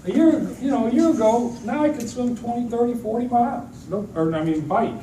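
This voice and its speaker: A man's voice: very high voice, a little fast. A middle-aged man giving a storytelling talk to a conference audience, acting out the people in his stories. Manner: animated storytelling with acted-out quotes. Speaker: motivational speaker. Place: large event hall with an audience. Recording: echoey hall, distant mic, noisy.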